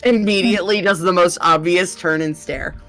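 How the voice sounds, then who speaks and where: A woman's voice: on the low side, steady tone, normal speed, fairly bright tone, faint music behind. A woman playing a tabletop game, blunt and casual. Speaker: player.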